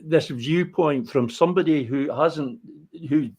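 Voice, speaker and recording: A man from Fife, hosting an interview in a thoughtful, hesitant way with many pauses and restarts. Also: on the high side, a little mellow, breathy edge. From Fife, Scotland. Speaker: interview host. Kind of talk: conversational interview.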